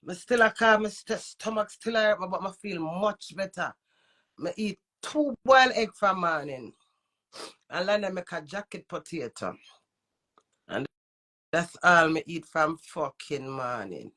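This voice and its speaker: A woman's voice: fairly low pitch, lively intonation, measured pace, fairly bright tone. A woman with a Jamaican accent and a runny nose, ranting in heated, profane patois. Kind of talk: angry rant to camera.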